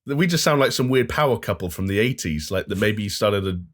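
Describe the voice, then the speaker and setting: Low-voiced man bantering on a podcast. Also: lively intonation, a little fast, fairly bright tone. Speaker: podcast co-host. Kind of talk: casual podcast chat.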